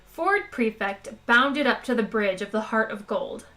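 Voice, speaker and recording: A woman reading a novel aloud for a live stream audience, chatting casually between chapters. Her manner is relaxed and talky, and her voice sits somewhat high. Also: measured pace. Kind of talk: read-aloud narration and casual chat.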